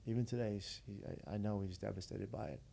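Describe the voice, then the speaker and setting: A man's voice: fairly low pitch, fairly even intonation, quick pace, gravelly, dark tone, a little hiss or hum. A man who is a veteran and podcast guest, earnestly telling a story in a casual, conversational way. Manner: earnest, conversational, retells dialogue.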